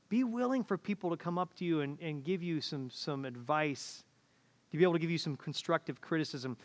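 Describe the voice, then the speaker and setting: A man's voice: high voice, fairly quick, in a large hall. A man preaching a sermon as pastor, telling stories and acting out the people in them. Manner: storytelling, acts out quoted voices. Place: church auditorium.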